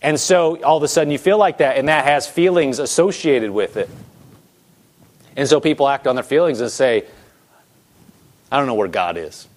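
A man's voice: fairly high pitch, fairly quick. A man preaching a conversational sermon, asking lots of rhetorical questions and acting out people's thoughts.

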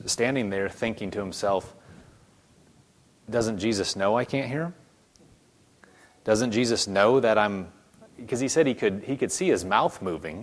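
Male preacher, lower voice, conversational teaching sermon to a congregation, loose and repetitive storyteller. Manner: retells stories with restarts and asides to the congregation. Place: church meeting with a live congregation.

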